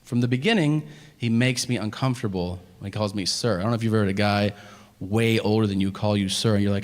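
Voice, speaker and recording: A man in his thirties doing a stand-up comedy set, telling stories deadpan and acting out the other voices. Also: on the low side, quick pace. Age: 30s. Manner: deadpan storytelling with acted-out voices. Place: comedy club stage. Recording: live stage recording with audience noise.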